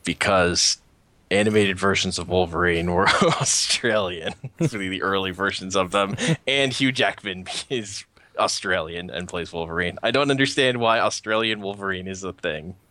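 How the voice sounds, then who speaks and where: A man's voice: low voice, moderate pace, bright, forceful tone, no echo. A man co-hosting a podcast, chatting casually and rambling with frequent restarts. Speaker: podcast co-host. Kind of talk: casual chat.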